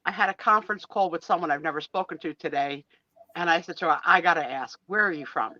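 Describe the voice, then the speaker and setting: A woman's voice: on the low side, fast talker, dry recording, dull audio. A woman co-hosting a live sale stream, chatting casually and animatedly with friends. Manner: animated, laughing storyteller.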